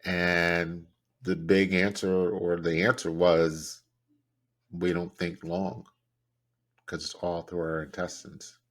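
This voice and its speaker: A man hosting a podcast, telling a personal story in a halting, grief-stricken way with many restarts. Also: deep voice, flat delivery, a bit bright. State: grieving, close to tears. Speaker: podcast host.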